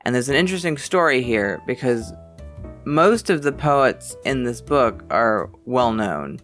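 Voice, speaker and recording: A man's voice: mid-range voice, big pitch swings, unhurried, fairly bright tone, soft background music. An American man giving a casual, self-deprecating tour of his home library, reading titles aloud. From United States. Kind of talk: casual chat.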